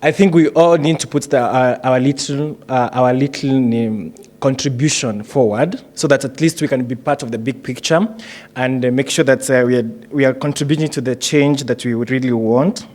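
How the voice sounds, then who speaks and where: A man's voice: medium pitch, normal speed, darkish tone. A man hosting a graduation ceremony, joking and hesitant with many fillers. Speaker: ceremony host.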